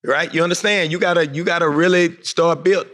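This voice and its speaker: A man's voice: fairly high pitch, fairly even intonation, brisk, fairly bright tone. A man moderating a panel, energetically quizzing young basketball players and coaxing answers.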